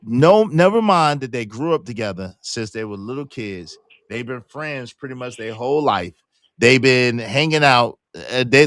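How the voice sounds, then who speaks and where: A man's voice: mid-range voice, no echo. A man hosting a casual podcast debate, talking emphatically and repeating points as he argues. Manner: animated, talks over others, emphatic repetition. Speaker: show host.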